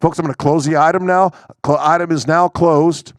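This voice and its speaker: A man working as a charity auctioneer, calling bids in a rapid rhythmic chant with slower chatty asides. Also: on the high side, steady tone, dry recording, studio quality.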